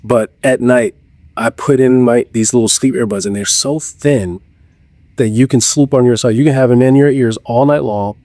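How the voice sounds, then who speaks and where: A man's voice: mid-range voice, moderate pace, mellow, no echo. A man interviewed on a podcast as an entrepreneur guest, talking earnestly in personal anecdotes and laughing at himself. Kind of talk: casual interview chat.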